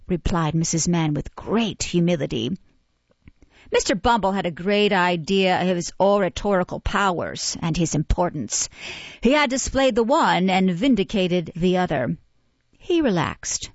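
A woman reading a classic novel aloud in a measured, even storytelling voice. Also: medium pitch, no echo. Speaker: audiobook reader. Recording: dull, muffled, dry recording.

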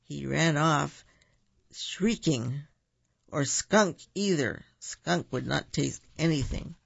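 A man gently reading picture books aloud, explaining things as he goes for a young audience. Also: fairly high pitch, gravelly, breathy edge, no room sound, lo-fi sound. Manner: gentle, unhurried, explains to children. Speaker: storyteller. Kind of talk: picture-book read-aloud.

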